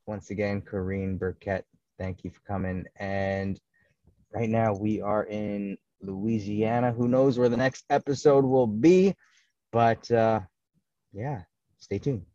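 A man's voice: on the low side, steady tone, slow, warm tone, no echo, highs cut off. A man hosting a podcast, chatting casually in a laid-back, encouraging way. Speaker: podcast host. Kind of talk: casual chat.

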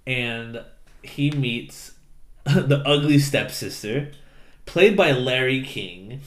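A young man co-hosts a podcast and talks through a movie in a loose, giggly way, swearing and acting out the scenes as he goes. His voice sits at an ordinary middle pitch. The recording has a roomy echo. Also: takes it slowly. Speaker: podcast co-host. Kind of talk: casual chat recapping a movie.

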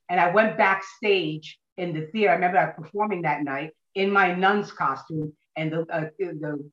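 A woman actress, a podcast guest, telling stories in an animated way and acting out what people said. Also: on the low side, moderate pace, few pauses. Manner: animated, acts out quoted voices. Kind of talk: anecdotal podcast storytelling. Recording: dull, roomy recording.

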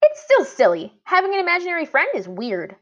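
A woman voicing a bratty, teasing little girl with a squealing high voice, read aloud from a storybook. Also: huge pitch swings, brisk, fairly bright tone, full character voice. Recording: dull lo-fi audio.

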